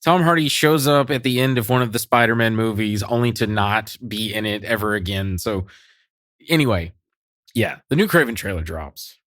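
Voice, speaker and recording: A man's voice: fairly low pitch, moderate pace, fairly bright tone, no room sound, clean studio sound. A man co-hosting a podcast, ranting cynically in casual chat, swearing and laughing often. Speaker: podcast co-host.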